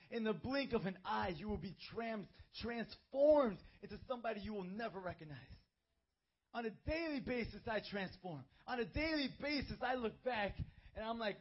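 A young man preaching a youth sermon into a handheld mic, emphatic and building to shouts. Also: high-pitched, slightly rough. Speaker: youth pastor. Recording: dull lo-fi recording.

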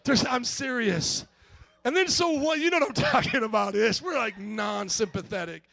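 A male pastor preaching a sermon, telling stories in an animated way and shouting as he acts them out. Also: extremely high pitch, normal speed, vocal fry. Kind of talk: sermon with storytelling.

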